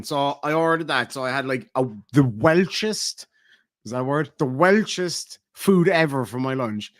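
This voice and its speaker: A man's voice: mid-range voice, lively intonation, normal speed, no echo, studio quality. A man telling a profane, sardonic story in a vlog rant. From Ireland. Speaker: YouTuber. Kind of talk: ranting vlog monologue.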